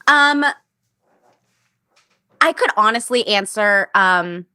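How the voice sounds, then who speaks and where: Speaking at a moderate pace in a mid-range voice, a young musical theater actress recounts stories in a casual interview. She brings quoted voices to life as she goes and leans heavily on "like." The sound is dry.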